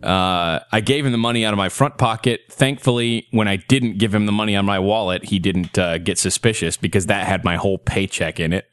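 A man's voice: fairly low pitch, fairly even intonation, a little fast, hardly any pauses, fairly bright tone, smooth, no room sound. A man in casual chat, telling a rambling story and laughing often as he goes.

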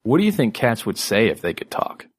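Low-voiced teasing podcast co-host. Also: male voice, very animated, fairly quick, breathy edge, no echo, clean studio sound. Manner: teasing, wry. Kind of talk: casual chat.

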